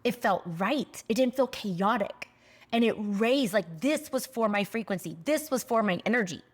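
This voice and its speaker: A woman's voice: fairly high pitch, lively intonation, normal speed. A woman in her forties talking candidly to camera in a spiritual vlog, passionate and blunt, swearing casually and getting emotional at times. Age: 40s. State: emotional, near tears at times. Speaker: spiritual vlogger.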